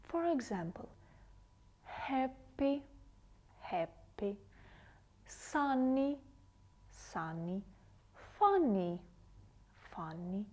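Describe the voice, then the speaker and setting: A woman English teacher giving a TV lesson to children, saying each word slowly and carefully and repeating it twice. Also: mid-range voice, very animated, a little mellow.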